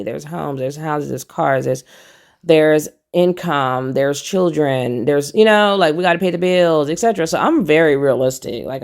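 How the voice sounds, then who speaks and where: Give me a low-pitched young woman doing emphatic, opinionated vlog commentary. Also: darkish tone. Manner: emphatic, preachy, repeats "no, no". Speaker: commentary vlogger. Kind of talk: casual commentary.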